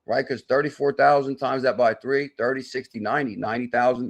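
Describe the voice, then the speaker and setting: A man of middle pitch hosting a live crypto stream. He talks in an excitable, salesy way, breaking into loud exclamations, then mutters through sums and chart checks as he reads the viewer chat. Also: a little fast, creaky, hardly any pauses. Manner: thinks aloud while doing sums and checking charts. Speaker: crypto channel host.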